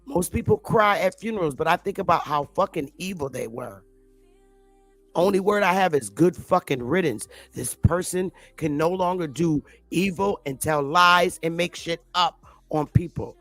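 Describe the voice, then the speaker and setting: A woman's voice: lowish voice, moderate pace, a bit bright, no room sound, faint music behind. Blunt, cursing woman with dry sound. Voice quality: defiant, combative delivery. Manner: blunt, heavy profanity, emphatic repetition. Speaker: commentary vlogger. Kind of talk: unscripted opinion monologue.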